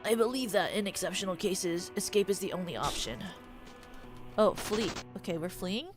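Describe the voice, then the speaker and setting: A woman's voice: mid-range voice, expressive, moderate pace, husky, no echo, faint music behind. Foul-mouthed young woman streamer. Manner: foul-mouthed, sudden loud outbursts. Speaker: game streamer. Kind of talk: live gameplay commentary.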